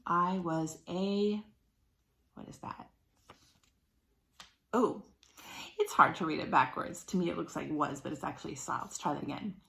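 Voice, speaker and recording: A woman teacher giving a remote phonics lesson to young children, sounding words out slowly and encouraging them. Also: deep voice, vocal fry, echoey room.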